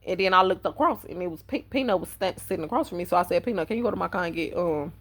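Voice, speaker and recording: A woman with a husky, slightly low voice tells a personal story on her vlog. She talks in a blunt, profane, conversational way, as if to friends. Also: very fast, fairly bright tone. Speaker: vlogger. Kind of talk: casual storytime monologue.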